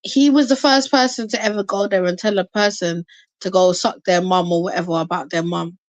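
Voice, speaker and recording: A woman speaks as a member of an online panel, laying out her side patiently. She backs up the host in a casual, even way. Her voice sounds dry and close. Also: lowish voice, fairly quick, no room sound. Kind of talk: casual discussion.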